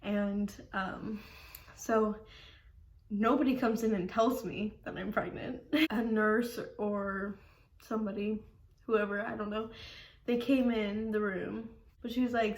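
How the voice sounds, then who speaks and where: A woman's voice: medium pitch, steady tone, unhurried. A young woman vlogging at home, telling a story casually in a rambling way, full of "like" and laughing often. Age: young adult. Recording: echoey room.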